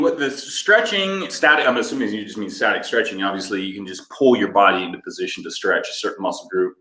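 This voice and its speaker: A man's voice: on the low side, pushed and bright, reverberant. A man co-hosting a fitness channel, casually answering viewer comments and explaining exercises with lots of fillers. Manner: easygoing, explanatory, many fillers.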